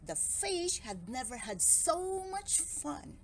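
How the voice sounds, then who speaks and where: A woman reads a children's story aloud in a bright, high, sing-song voice. Her delivery is slow and very animated, rising and falling on every phrase. A faint hum sits in the background. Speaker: children's book reader.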